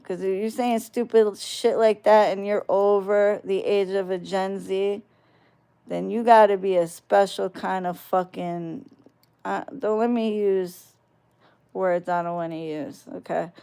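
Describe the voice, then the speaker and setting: A woman's voice: mid-range voice, fairly even intonation, measured pace, mellow, smooth. A woman ranting on her video channel in a profane, combative, mocking way. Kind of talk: ranting vlog.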